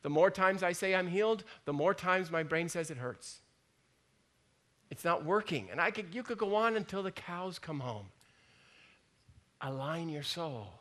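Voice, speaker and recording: This male pastor speaks at a moderate pace in a high-pitched, animated voice with a fairly bright tone. His chatty sermon is folksy and full of jokes, with the inner voices in his head acted out.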